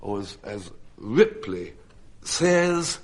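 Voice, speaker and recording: A man's voice: lowish voice, very animated, drawn-out words. A man on a comedy panel show, telling a self-mocking comic story to a studio audience. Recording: 1970s radio broadcast with audience laughter. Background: studio audience laughing.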